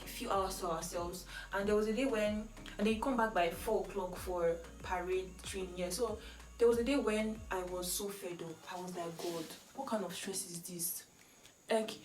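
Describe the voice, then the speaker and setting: A young woman with a Nigerian accent tells a casual vlog story in a chatty, animated way, dropping Nigerian slang as she goes. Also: medium pitch. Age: young adult. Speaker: vlogger. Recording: echoey room, mic at a distance.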